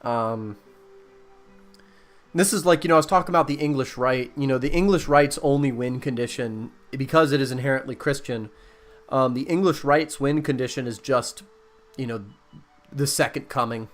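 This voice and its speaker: A man's voice: mid-range voice, normal speed, soft background music. Man lecturing casually, full of fillers. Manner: lecturing, reads out facts with many fillers. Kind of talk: casual conversation.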